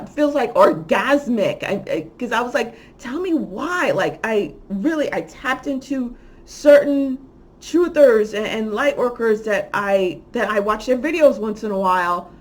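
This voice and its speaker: A woman talking in a casual monologue as host of a spiritual channel, rambling with many restarts, moving from quiet musing to loud, heated ranting. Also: a little high. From lives in Miami. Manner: rambling with frequent restarts and fillers.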